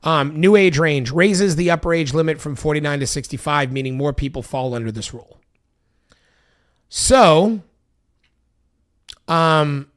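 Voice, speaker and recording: A man with a slightly higher voice than most men walks through a bill out loud on his stream. He reads the text, then drops into casual, filler-heavy asides to his viewers. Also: clear, resonant tone. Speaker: political commentary streamer.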